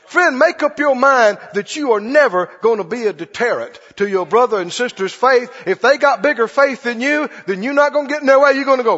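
A male preacher giving an animated, emphatic sermon, repeating lines for stress. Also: very high voice, a little slow, pauses often. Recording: dull lo-fi recording with long hall reverb.

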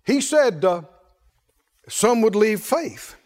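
A male pastor preaching a sermon in an emphatic call-and-response style, shouting some refrains. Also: high voice, animated, takes it slowly.

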